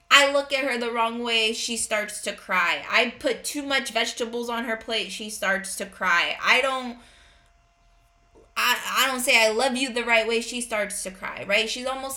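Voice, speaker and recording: A woman's voice: on the high side, sharp tone. A woman in her thirties hosting a parenting podcast, speaking earnestly and directly in a conversational monologue.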